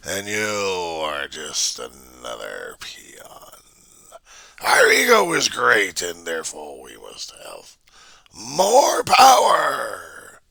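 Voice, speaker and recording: A man's voice: sits low, wildly swooping pitch, drawn-out words, vocal fry, sharp tone, breathy edge, no echo, exaggerated voice. A man voicing a grandiose male ego that proclaims its supreme power in bombastic tones.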